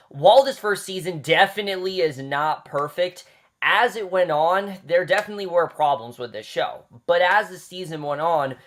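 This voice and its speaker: A man's voice: on the high side, fairly bright tone. A man giving a casual, chatty review of a TV season, talking off the cuff with lots of fillers and repeated phrases.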